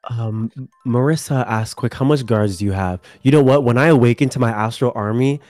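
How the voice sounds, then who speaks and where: A young man hosting a loose spiritual talk stream, his voice sitting at an ordinary middle pitch. He rambles on in a relaxed way and drops the odd curse word. The sound is close and dry, with soft music playing faintly behind him. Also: a little fast, no room sound. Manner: relaxed, rambling, swears casually. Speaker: channel host. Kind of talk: casual spiritual chat.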